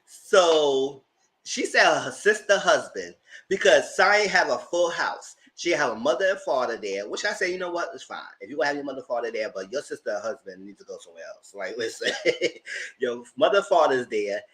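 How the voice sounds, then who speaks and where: A man casually recapping a reality show episode with a co-host, lively and often laughing. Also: brisk. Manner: animated, laughs a lot, acts out quotes in a high voice. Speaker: show reviewer. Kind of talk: casual live recap chat.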